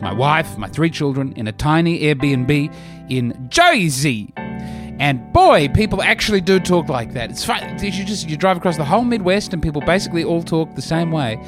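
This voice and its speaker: A man talks through a comic podcast monologue, poking fun at himself as he goes. His voice sits a touch high and swings widely up and down. Music plays clearly underneath him. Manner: animated, self-mocking, jokey. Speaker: podcast host and comedian. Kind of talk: casual comedic monologue.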